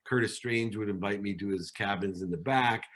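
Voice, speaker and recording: A middle-aged man tells his life story as a podcast guest, his low voice animated as he acts out the voices of people in it. The telling is confessional and energetic. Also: normal speed.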